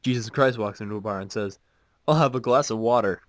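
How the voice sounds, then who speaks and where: A man with a lowish voice reads jokes aloud casually and briskly. After each one he adds dry, self-mocking asides as commentary.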